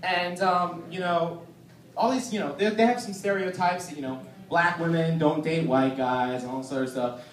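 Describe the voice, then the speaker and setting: Performing stand-up on a comedy venue stage, a man with a slightly high voice keeps a moderate pace and fairly even intonation. His stories are loose, profane and full of fillers, recorded noisily from a distant mic in an echoey room.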